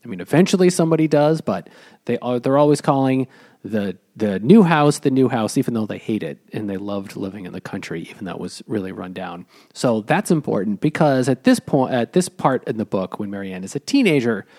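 A man's voice: medium pitch, expressive, a little fast, a little mellow. A man co-hosting a podcast, recapping a novel's plot in casual chat with lots of fillers and restarts. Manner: rambling plot summary with fillers. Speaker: podcast co-host. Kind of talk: casual book club chat.

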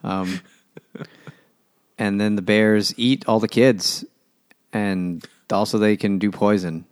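A man with a lowish voice recaps a story in a loose, rambling way, scattering "like" through it and laughing often. The sound is dry and close. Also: fairly even intonation, takes it slowly, dry recording. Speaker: podcast co-host.

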